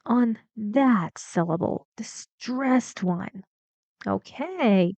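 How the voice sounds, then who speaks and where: A woman teaching English pronunciation, talking slowly and deliberately and drawing out words to model rising and falling pitch. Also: creaky, warm tone, no room sound. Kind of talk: pronunciation lesson. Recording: slightly dull lo-fi dry sound.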